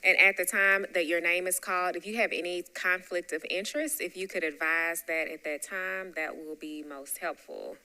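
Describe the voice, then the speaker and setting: A woman's voice: on the low side, fairly even intonation, normal speed, hardly any pauses. A woman with a Southern US accent chairing a public council meeting, calling the roll and adding chatty, apologetic asides. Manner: warm, chatty asides between names.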